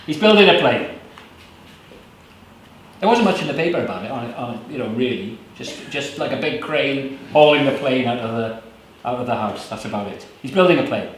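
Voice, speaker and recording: A man reading his own poems at a book launch, in slow measured lines with loose, rambling asides between poems. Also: mid-range voice, expressive, a little hiss or hum. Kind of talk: live poetry reading with chatty asides. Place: small venue at a book launch. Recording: very echoey room.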